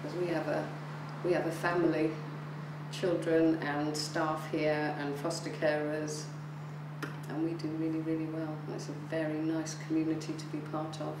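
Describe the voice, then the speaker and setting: A woman who is a foster carer, talking calmly and proudly in an interview. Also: deep voice, normal speed. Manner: calm, steady, proud. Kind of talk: casual interview talk. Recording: echoey room, distant mic, noise.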